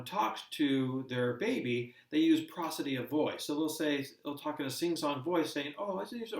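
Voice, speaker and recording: A man teaching a recorded lesson, explaining at a measured pace with frequent fillers and restarts. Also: medium pitch, recorded from a distance. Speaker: course instructor. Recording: roomy echo, speaker away from mic.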